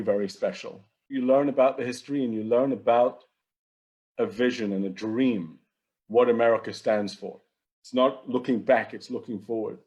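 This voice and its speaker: A man from London, giving a measured, reflective talk over a video call. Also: mid-range voice, darkish tone. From London, England. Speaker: guest lecturer rabbi. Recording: dull video-call audio.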